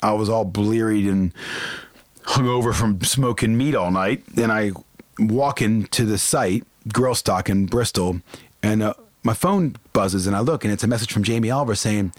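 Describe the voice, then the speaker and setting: A man's voice: on the low side, normal speed, no room sound, clean studio sound. A middle-aged man, a barbecue cook and DJ, telling anecdotes in casual chat and laughing at his own jokes.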